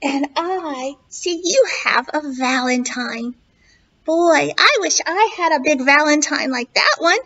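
A woman voicing a sweet, eager little female duck in a children's story, with a high, chirpy, wondering voice. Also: animated, slow, bright, forceful tone, full character voice. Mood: admiring. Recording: dull lo-fi recording.

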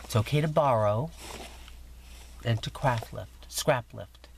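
A woman's voice: a bass voice, slow pace, gravelly, a little hiss or hum. A woman vlogger chatting casually as she shows crafting mail, gushing and teasing herself while getting over an illness. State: recovering from illness, coughing. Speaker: scrapbooking vlogger. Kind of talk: casual chat showing mail.

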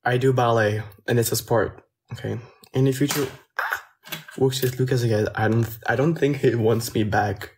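A man with a French accent, a native French speaker, chatting casually on a phone livestream and answering viewer comments in a soft, hesitant way that often trails off. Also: mid-range voice, steady tone, moderate pace, a little hiss or hum. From France.

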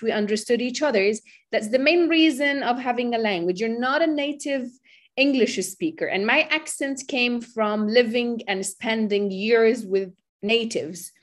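A woman lecturer who speaks Arabic natively, teaching business English on a video call and explaining patiently with examples. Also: a little high. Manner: encouraging, explains with examples, frequent fillers. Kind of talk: online lecture with student Q&A.

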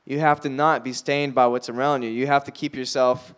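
A man's voice: mid-range voice, little pitch movement, fairly quick. A young man preaching in a church, telling a dream story in an earnest, conversational way and acting out the voices of the people in it. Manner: earnest, storytelling, acts out quoted dialogue. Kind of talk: sermon.

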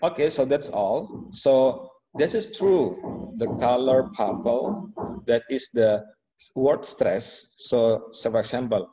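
A man teaching an English lesson, explaining slowly with frequent fillers and restarts. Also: mid-range voice, warm tone, in a large hall, low-quality recording. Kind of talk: online classroom instruction.

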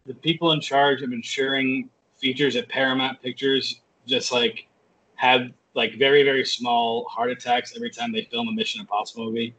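A male podcast guest on a video call, telling animated stories in casual chat and swearing freely. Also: mid-range voice, moderate pace, slight background noise, low-quality recording.

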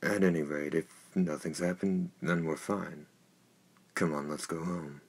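A man's voice: very deep voice, fairly even intonation, measured pace, vocal fry, breathy edge, full character voice. A man reading a stern village father. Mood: scolding. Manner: stern, scolding.

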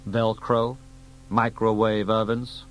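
A man's voice: lowish voice, level tone, slow pace, slight background noise. A man voicing a seasoned male secret agent who explains things in a dry, matter-of-fact way.

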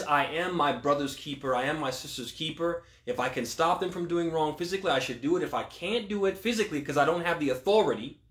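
A male imam giving a religious question-and-answer talk, asking rhetorical questions, then answering them, and quoting Arabic scripture quickly. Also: on the high side, a bit bright. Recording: echoey room.

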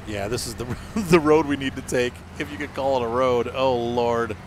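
A man's voice: medium pitch, moderate pace, background noise. A man streaming a truck game with a friend, joking and thinking aloud as he drives. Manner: animated and joking, thinking aloud while driving. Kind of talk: casual gameplay chat.

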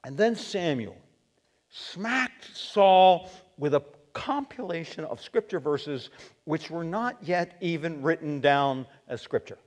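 A male pastor preaching a sermon in a church, animated and acting out the quotes he reads. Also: fairly high pitch, slow. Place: church sanctuary. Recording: long reverb of a church sanctuary.

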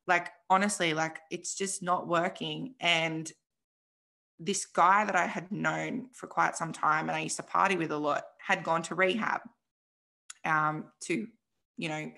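A woman's voice: low-pitched, gravelly, pushed and bright. A young woman, a podcast guest telling her story frankly and emotionally, swearing and saying "like" a lot. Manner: emotional, frank, swears freely, says "like" often. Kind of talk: candid personal story in an interview.

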